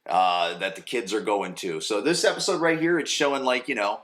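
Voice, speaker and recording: A man's voice: medium pitch, lively intonation, a little fast, few pauses, a bit bright, roomy sound. A man in his forties hosting a casual solo podcast from his home basement, crude and rambling, swearing freely and full of fillers. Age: 40s. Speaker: podcast host.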